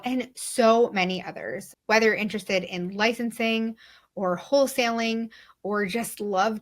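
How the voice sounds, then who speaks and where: Woman, podcast host, mid pitch, upbeat, friendly, casual. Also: fairly bright tone. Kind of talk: casual podcast hosting and ad read.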